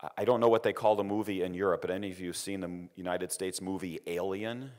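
A man's voice: sits low, fairly even intonation, fast, a little mellow. A middle-aged man giving an engineering lecture, telling a personal story with repeated words and acted quotes. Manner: anecdotal, repeats words, quotes others in raised voice.

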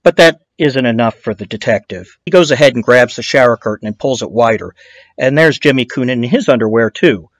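A man's voice: mid-range voice, brisk, no echo. A man narrating a true-crime documentary in a casual storytelling way, dropping in blunt, swearing asides.

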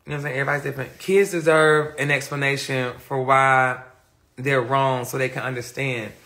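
Young male streamer, gravelly and sharp-toned, loose and repetitive, phone mic. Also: mid-range voice, level tone, brisk. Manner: rambling, repetitive, trails off into mutters; reflective, self-questioning. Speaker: live-stream host. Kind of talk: casual live-stream rant.

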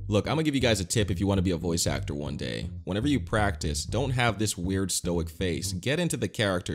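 A man hosting a video commentary, deliberately putting energy and passion into his delivery. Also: lowish voice. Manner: puts on an animated, lively delivery. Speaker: YouTube commentary host.

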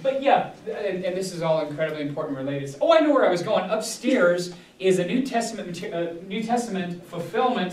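Guy pastor rambling through a bible study, lots of restarts, echoey room far from the mic. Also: high-pitched. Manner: rambling, digressive, many restarts and fillers. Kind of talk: casual teaching talk.

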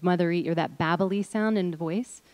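A woman's voice: lowish voice, normal speed, darkish tone, dry recording. A middle-aged woman leading an audience through voice exercises, encouraging them and demonstrating with hums, chants and sung notes. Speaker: workshop leader.

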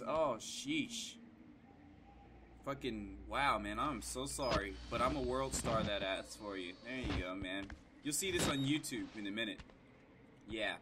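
A young man casually commenting while playing a horror game, joking and yelling in fright. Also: mid-range voice, a little hiss or hum. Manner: loud, jokey, yelps when scared. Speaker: gaming YouTuber.

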